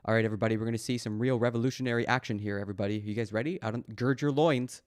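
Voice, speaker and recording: A man's voice: mid-range voice, steady tone, very fast. A man doing casual live-stream commentary, reading posts aloud and mocking them sarcastically while talking back to his chat. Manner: reads posts aloud, then mocks them.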